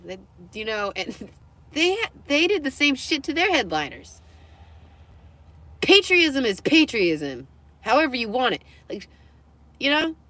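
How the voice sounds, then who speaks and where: This woman's voice sits on the high side and sounds a bit bright. Livestreaming to viewers, she chats in a rambling way, laughing often and cursing freely.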